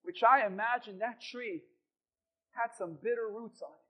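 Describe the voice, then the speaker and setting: A middle-aged man preaching a sermon as pastor, dramatic, at times shouting as he acts out prayers. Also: very high voice, moderate pace, lo-fi sound.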